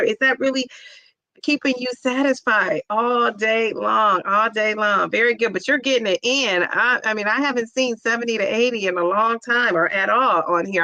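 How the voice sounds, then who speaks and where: With vocal fry and a bright, forceful tone at medium pitch, a middle-aged woman hosts a casual weight-loss livestream in a dry recording. She chats enthusiastically, reading comments aloud and greeting each viewer by name.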